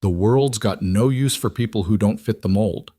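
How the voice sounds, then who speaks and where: A man's voice: lowish voice, normal speed, mellow, no echo, clean studio sound, close to an everyday voice. A man voicing a hardened, grim male rancher and war veteran who speaks in short, clipped lines. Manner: terse, clipped.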